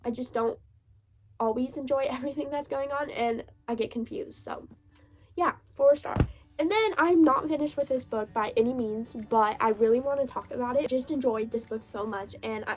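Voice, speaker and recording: A woman talking casually and enthusiastically about books she has been reading, thinking aloud as she goes. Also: on the high side. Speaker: book vlogger. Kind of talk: casual book review chat.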